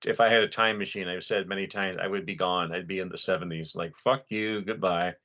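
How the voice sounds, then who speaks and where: A man from the US East Coast chats bluntly and profanely as a podcast co-host. His voice is bright and forceful, sitting a bit low. The recording sounds dull and lo-fi. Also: flat delivery, fast. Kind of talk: casual chat.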